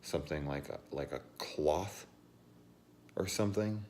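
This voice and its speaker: A man telling profane, animated stories in a casual vlog rant, laughing as he goes. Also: extremely low pitch, measured pace, a little hiss or hum. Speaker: horror movie reviewer.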